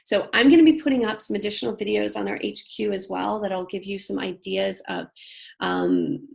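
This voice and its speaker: A woman's voice: medium pitch, very animated, normal speed, gravelly, darkish tone. A woman guides a group class in a loose, conversational way, full of fillers and friendly asides. She walks the group through breathing exercises and voices them aloud as she goes. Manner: casual and chatty, with many fillers. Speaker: women's leadership workshop leader.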